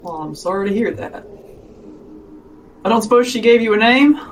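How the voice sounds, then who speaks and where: A man playing a tabletop game, talking politely with halting, deliberate phrasing. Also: sits high, animated, slight background noise, low-quality recording. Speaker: player. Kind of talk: casual tabletop play.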